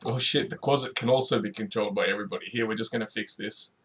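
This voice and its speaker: A man playing a tabletop game with friends, relaxed and casually swearing as he describes his character's actions. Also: fairly low pitch, fast, husky. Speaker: player. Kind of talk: tabletop game play over voice chat.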